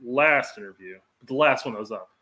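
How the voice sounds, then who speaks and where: A man's voice: mid-range voice, expressive, brisk, sharp tone. A man co-hosting a podcast on a video call, cracking teasing jokes in casual chat. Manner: teasing, wisecracking. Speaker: podcast co-host. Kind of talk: casual live-stream chat.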